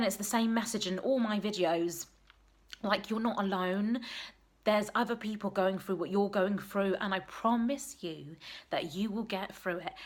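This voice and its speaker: A woman talking straight to camera at home in an unscripted, heartfelt vlog, earnest and encouraging. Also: mid-range voice. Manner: emotional, tearful at times, earnest and encouraging. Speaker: vlogger, single mum business coach. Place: at home, messy room.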